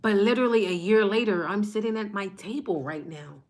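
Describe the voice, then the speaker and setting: A woman's voice: mid-range voice, brisk, a little mellow. Woman doing a live card reading from her table at home, super amped and repeating herself, talking into her phone. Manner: passionate, fired up, repeats herself for emphasis. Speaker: spiritual card reader. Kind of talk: live-streamed motivational reading.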